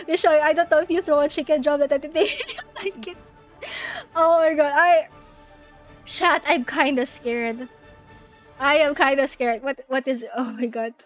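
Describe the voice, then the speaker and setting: A young woman VTuber chatting casually with her viewers while gaming, giggly and excitable, shrieking in panic at the game. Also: high voice, unhurried, faint music behind. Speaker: VTuber streamer. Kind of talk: casual live-stream chat while gaming.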